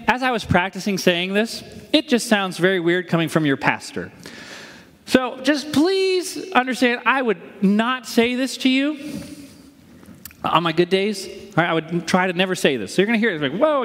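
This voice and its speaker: A man's voice: sits high, a bit bright. A male pastor preaching a sermon in a conversational way, posing rhetorical questions to his congregation. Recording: long reverb of a large hall.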